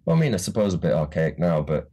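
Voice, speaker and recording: Low, mellow man with a soft Geordie accent. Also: big pitch swings, fast talker, breathy edge. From Newcastle, England. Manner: rambling, many restarts and hedges. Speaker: musician guest. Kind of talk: casual interview chat.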